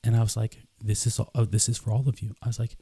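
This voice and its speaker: Gravelly earnest young man storyteller. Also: lowish voice, little pitch movement, fast, warm tone, dry recording. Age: 20s. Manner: earnest, repeats himself, acts out dialogue. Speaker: podcast host. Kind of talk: casual storytelling.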